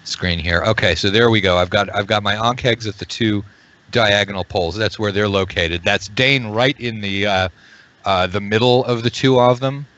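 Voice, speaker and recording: A man's voice: lowish voice, normal speed, fairly bright tone, highs cut off. A man running an online tabletop game as game master, rambling and repeating words as he jokes with players.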